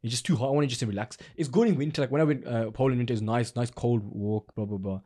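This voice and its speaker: A man's voice: mid-range voice, fast, dark tone. A young man, co-hosting a podcast in casual chat. He rambles, restarts often and uses a lot of slang. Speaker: podcast co-host.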